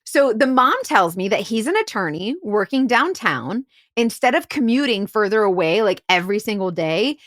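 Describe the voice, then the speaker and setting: A woman who hosts a podcast and works as a private investigator tells a case story casually, filling it with "like" and "right?". Her medium-pitched, fairly bright voice comes through dry and clean, as if in a studio.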